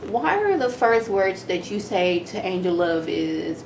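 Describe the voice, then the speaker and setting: A young woman giving a casual, animated episode review to camera at home, breaking into mocking impressions. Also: on the low side, a little slow, creaky, a little hiss or hum. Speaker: reality TV reviewer. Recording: echoey room.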